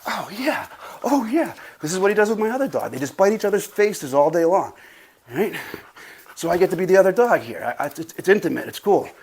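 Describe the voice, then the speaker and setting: A man's voice: sits high, lively intonation, fast, vocal fry, darkish tone, breathy edge. A man, a dog trainer, giving casual instructions in his garage, loose and a bit profane, out of breath from play. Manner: loose, profane, says "right?" a lot. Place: home garage.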